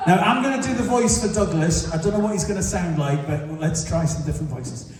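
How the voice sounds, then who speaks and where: A magician doing jokey, teasing banter with volunteers during a live show in a large hall. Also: male voice, high-pitched, fast talker. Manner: jokey, teasing audience banter, laughing often. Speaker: magician and entertainer. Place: large church hall with audience. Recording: echoey hall recorded from far off, noisy.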